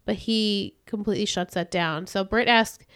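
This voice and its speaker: Woman podcast co-host, casual recap chat, rambles with frequent laughs, smooth voice. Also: medium pitch, normal speed, a bit bright, no room sound, clean studio sound. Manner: rambling, laughs often between thoughts.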